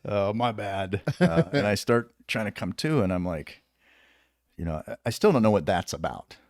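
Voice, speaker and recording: A man's voice: lowish voice, big pitch swings, moderate pace, a little mellow, no echo, studio quality. A man, a former special operations soldier, telling rambling, profane stories in a casual podcast interview, laughing often. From United States. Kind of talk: casual storytelling.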